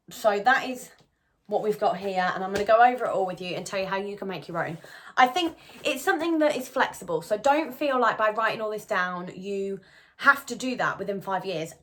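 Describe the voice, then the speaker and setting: A woman's voice: medium pitch, bright, forceful tone. A woman in her twenties talking casually to camera at home as a lifestyle vlogger, chatty and rambling with plenty of restarts. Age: 20s.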